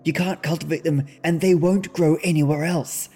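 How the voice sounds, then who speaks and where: A man voicing a carefree, playful young woman who talks in a high, insistent, girlish way. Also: steady tone, normal speed, a little mellow, husky, soft background music.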